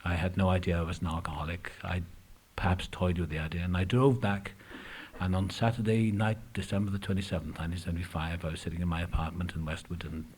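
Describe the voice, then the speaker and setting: A man's voice: deep voice, level tone, quick pace, a little mellow. A man telling his recovery story at a meeting, candid and reflective, with frequent hesitations. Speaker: AA speaker. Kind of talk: personal recovery talk. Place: meeting room.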